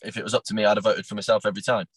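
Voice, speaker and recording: A young man recounting his time as a talent show contestant, animated and acting out what others said, with plenty of restarts. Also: lowish voice, rapid-fire, slightly rough, no echo, rough recording. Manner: animated storyteller, acts out quotes, frequent restarts. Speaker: podcast guest, former talent show contestant. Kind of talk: casual interview storytelling.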